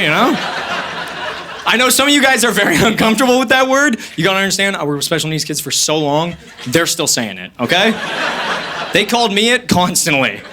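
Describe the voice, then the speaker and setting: A young male comedian in his twenties with a high voice that swings widely up and down. He rambles loosely and swears freely through his set on a handheld mic. Clear audience and room noise run underneath. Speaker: stand-up comedian. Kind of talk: stand-up comedy. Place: comedy stage before a live audience.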